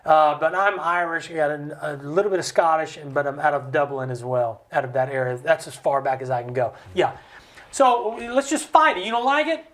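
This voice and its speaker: A man speaking as a studio guest, explaining with passion, in an animated way with jokey asides. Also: a little high, a little fast. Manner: animated, acts out quoted voices, jokey asides. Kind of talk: impassioned conversational explanation. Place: recording studio.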